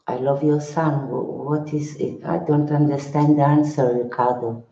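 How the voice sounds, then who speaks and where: An older man, a monk, answering viewers in a live-stream chat in broken English, halting and repeating his words. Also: medium pitch, steady tone, gravelly, dark tone. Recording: roomy, slightly dull sound.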